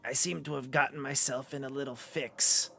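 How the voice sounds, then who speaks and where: Man voicing a raspy skeleton marionette. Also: mid-range voice, steady tone, normal speed, sharp tone, a little hiss or hum. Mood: coaxing. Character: tangled wooden skeleton marionette, chatty.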